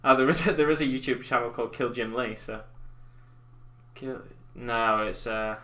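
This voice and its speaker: A man's voice: medium pitch, moderate pace, bright, forceful tone. A man in his thirties chatting casually and rambling as he hosts a painting live stream at a desk mic. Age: 30s. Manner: rambling, self-deprecating, chatty. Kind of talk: casual chat while painting miniatures. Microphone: desk mic in front of keyboard.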